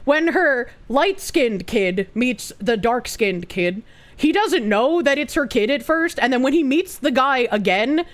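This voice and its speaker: Young woman streamer ranting about a movie, rambly, lots of likes and restarts, high voice that bounces around. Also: unhurried. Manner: rambling and animated, with many fillers and restarts. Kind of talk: casual movie commentary.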